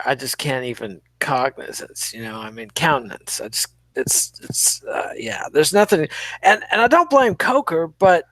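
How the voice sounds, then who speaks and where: A sardonic man rants on a podcast, his fairly high voice swinging up and down. He talks in a wordy, mocking way, and the sound is dry and close. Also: fairly bright tone, dry recording. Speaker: podcast co-host. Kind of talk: casual chat.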